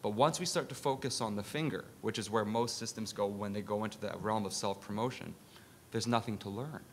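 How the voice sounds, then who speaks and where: A low-pitched man speaking on a conference panel. He drives his argument with pointed rhetorical questions. Faint rumble sits under his voice. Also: a little fast. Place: conference session room.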